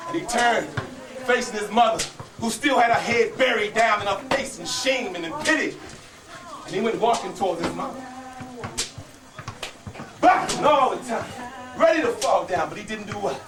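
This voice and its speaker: A male storyteller with a very high-pitched voice performs a folk tale live, building rhythm and calling out for his audience to answer. The sound is roomy and echoing, caught from a distance. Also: animated, moderate pace, long pauses, noisy background. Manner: dramatic, rhythmic call-and-response with listeners. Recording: echoey room, voice from far off.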